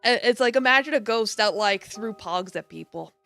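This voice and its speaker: A woman's voice: a little high, dry recording. A young woman streamer chatting and joking through a game, rambling with lots of fillers. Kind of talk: live game commentary.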